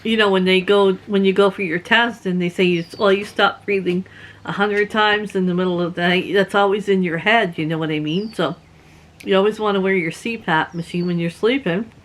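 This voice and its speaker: A woman from Canada casually telling personal stories as a vlogger, chatty and quick to laugh. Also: fairly even intonation. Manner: chatty, laughs often, acts out quotes in a higher voice. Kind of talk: casual storytelling.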